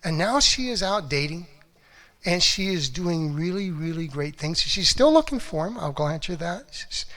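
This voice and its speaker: A middle-aged man giving a motivational talk as a relationship coach, animated storytelling that acts out quotes and swings from hushed to loud. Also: on the high side, measured pace.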